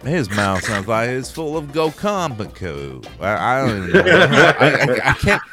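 A man's voice: normal speed, loud music behind the voice. A man hosting a crude, casual podcast, swearing freely and laughing often. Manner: animated, swearing, laughs often, jumps up high when excited. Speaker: podcast host.

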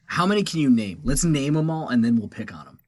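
Husky joking man on a podcast. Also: medium pitch, big pitch swings, fast, no room sound. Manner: crude, joking, tells stories with acted quotes. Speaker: podcast co-host. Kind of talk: casual banter.

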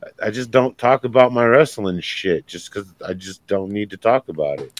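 A man's voice: lowish voice, expressive, normal speed, no room sound. A male podcast co-host in casual chat, rambling, swearing and joking.

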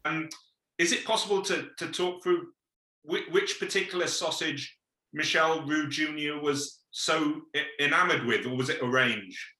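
Bright-voiced male interviewer, echoey room. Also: fairly high pitch, measured pace. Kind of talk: conversational interview.

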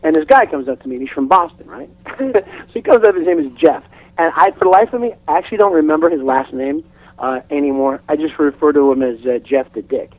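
A comedian guest on a radio talk show, a man telling an animated, chatty story and restarting his sentences often. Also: a little high, brisk, no room sound, phone-quality sound. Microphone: studio microphone.

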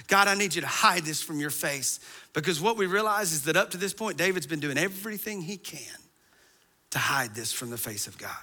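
A man's voice: fairly high pitch, animated, a little fast, bright, forceful tone. A man preaching a sermon, moving from conversational asides to fervent, impassioned appeals. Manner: preaching, building to impassioned crescendos. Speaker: pastor.

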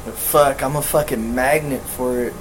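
A man's voice: mid-range voice, normal speed, slight background noise, low-quality recording. A man co-hosting a podcast, telling stories in a profane, rambling, casual way. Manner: profane, rambling, animated storyteller. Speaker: podcast co-host. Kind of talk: casual storytelling chat.

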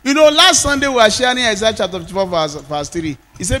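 A Nigerian man preaching as a pastor, moving between shouted declarations and quieter storytelling. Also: sits high, very animated, quick pace, hardly any pauses, long reverb tail, a little hiss or hum. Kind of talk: sermon.

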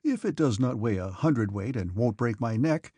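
A man's voice: mid-range voice, animated, moderate pace, dark tone, breathy edge, no room sound. A man reading as a wry young prince. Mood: bantering. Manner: light, teasing. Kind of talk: audiobook character reading.

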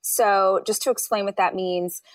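A woman's voice: mid-range voice, measured pace, no room sound, distant mic, rough recording. A woman in her thirties, a guest author, telling her story in a casual interview and acting out the people she quotes. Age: 30s. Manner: animated, acts out quoted people in shifting voices.

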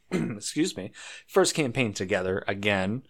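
A man's voice: fairly low pitch, sing-song, a little slow, a bit bright. A man co-hosting a podcast in casual chat, adding joking asides. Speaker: podcast co-host.

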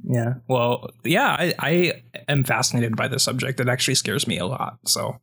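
A young man co-hosting a casual podcast chat, teasing his co-host with wry, deadpan jokes. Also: medium pitch, normal speed, husky.

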